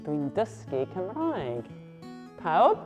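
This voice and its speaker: A woman tutor speaks slowly and patiently, her voice sitting a little low. She repeats words so her class can copy them. The sound carries a long reverb in a classroom, with faint guitar music behind. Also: huge pitch swings. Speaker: Welsh language tutor. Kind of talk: teaching a beginners' class.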